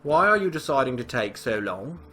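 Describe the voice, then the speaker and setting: A man's voice: mid-range voice, very animated, moderate pace, bright, forceful tone, faint music behind. Chatty man rambling over gameplay. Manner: rambling, chatty and self-deprecating; thinks aloud with frequent fillers and restarts. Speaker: gaming video host. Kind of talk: casual gameplay commentary.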